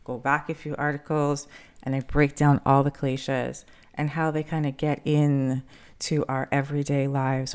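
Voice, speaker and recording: A middle-aged woman hosts a reflective podcast on her own, with a low voice. She talks in a loose, conversational way and now and then mimics frantic callers in quick, breathless bursts. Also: a little mellow. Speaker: podcast host. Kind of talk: reflective solo podcast monologue.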